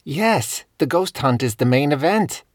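A man's voice: fairly high pitch, lively intonation, a little slow, dry recording, clean studio sound, voice pushed up. A man putting on a spry old woman gossip. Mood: chatty. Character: spry elderly woman, cheerful local gossip.

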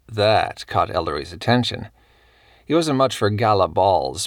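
A man reading a cozy mystery novel aloud as a measured, even audiobook narrator. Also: on the low side, no room sound, clean studio sound.

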